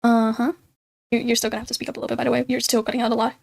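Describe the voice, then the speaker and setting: A woman's voice: a little high, flat delivery, very fast, vocal fry, darkish tone, no room sound, studio quality. A young woman on a recorded voice call, pressing with pointed, confrontational questions. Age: young adult. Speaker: caller confronting a streamer. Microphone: voice-call microphone.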